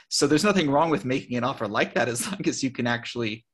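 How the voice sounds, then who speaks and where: A man's voice: mid-range voice, lively intonation, quick pace, few pauses, slightly rough. An American man, a podcast guest, telling a story frankly and animatedly, acting out what other people said. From United States. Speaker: podcast guest, author and publisher. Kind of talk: casual interview talk.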